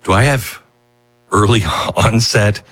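A male talk radio host speaking in a rambling, self-mocking monologue, with sudden shouts and acted-out quotes. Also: fairly low pitch, takes it slowly, husky.

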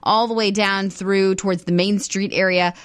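A woman giving a radio traffic report in a brisk, steady way and chatting with the host. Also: mid-range voice, dry recording, studio quality.

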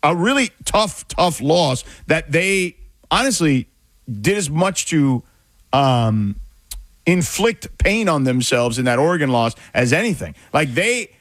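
A man's voice: a little high, big pitch swings, a little slow, a bit bright, dry recording. A man co-hosting a sports talk show, pushing back in a casual debate, often stammering as he restarts his points.

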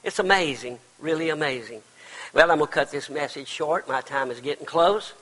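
An older man preaching a sermon as pastor, swinging between loud cries and hushed, quiet passages. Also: on the high side, normal speed. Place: church sanctuary. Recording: long reverb of a large hall.

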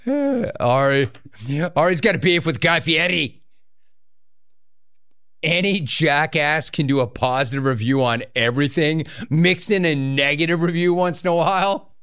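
A man hosting a call-in radio show, bantering and teasing callers in a joking, animated way. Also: a little high, normal speed, clean tone. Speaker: sports radio host.

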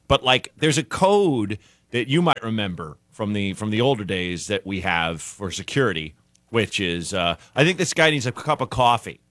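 A man, a comedian guest on a radio show, telling an anecdote in an animated way, acting out the people in it. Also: fairly low pitch, no room sound. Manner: animated, acts out voices in anecdotes. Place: radio studio.

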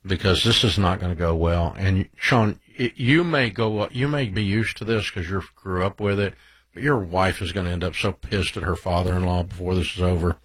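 A man's voice: low-pitched, moderate pace, a bit bright, breathy edge, no echo. A man hosting an advice show, blunt and emphatic in casual talk.

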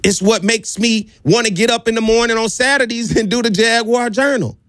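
A high-voiced man with a drawl hosts a sports show, talking in an emphatic, preachy monologue. He hammers his points home by repeating them. The sound is dry and close, with no room echo. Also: fairly even intonation, brisk, fairly bright tone. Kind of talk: impassioned monologue.

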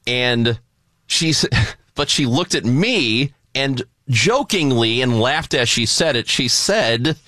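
A male host recounting a mishap with a bright, forceful voice that rises and falls a lot. He talks casually and with self-mockery, in a dry, close sound without room echo. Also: medium pitch, slow pace. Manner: animated, self-mocking, frequent restarts. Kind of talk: casual chat, telling a personal story.

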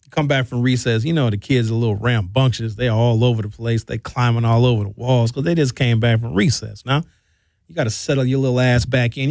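A man's voice: medium pitch, creaky, dry recording. A man in his fifties talking in a casual monologue, blunt and profane, acting out quotes as he tells stories. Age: 50s. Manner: animated storytelling with acted-out quotes. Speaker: commentator.

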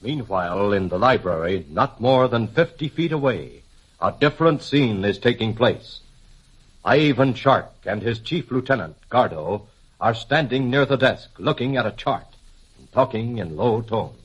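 A man's voice: medium pitch, lively intonation, unhurried, slightly rough, highs cut off. A man announcing a 1940s radio serial in a dramatic, suspenseful way.

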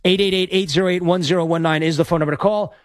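A man's voice: high voice, rapid-fire, no echo. Guy hosting sports talk radio, rambly and hyped, dry close mic. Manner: energetic, rambling, self-promoting. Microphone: studio microphone.

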